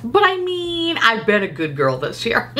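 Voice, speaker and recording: A woman's voice: on the high side, unhurried. A woman, a beauty YouTuber, chatting casually about makeup, swearing freely and laughing often. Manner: profane, giggly, animated and opinionated.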